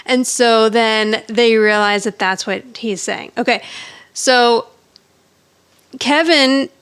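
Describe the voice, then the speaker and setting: A woman's voice: a little high, slow pace, fairly bright tone, smooth. A woman co-hosting a podcast, casually recapping a sitcom episode and quoting the characters. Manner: recounts scenes, quoting characters with a laugh. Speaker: podcast co-host.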